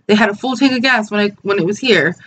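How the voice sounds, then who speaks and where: A woman's voice: mid-range voice, quick pace, a bit bright, slight background noise. A woman, telling a story in a casual vlog, blunt and swearing freely, with lots of "like" and "dude". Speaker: vlogger.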